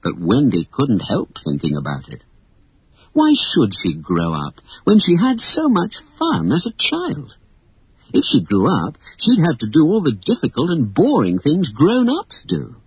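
An animated, husky storyteller. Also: mid-range voice, a little slow, dry recording, low-quality recording. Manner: expressive, animated. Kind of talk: children's story reading.

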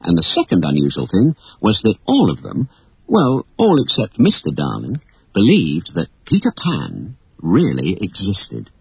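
An animated, husky storyteller. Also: sits low, a little slow, no room sound, low-quality recording. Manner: expressive, animated. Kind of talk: children's story reading.

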